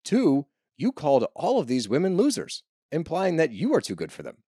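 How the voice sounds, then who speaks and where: A man's voice: a little high, wildly swooping pitch, normal speed, mellow, husky, no room sound, clean studio sound. A man co-hosting a podcast, giving opinionated and casual recaps of reality TV and swearing freely. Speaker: podcast co-host.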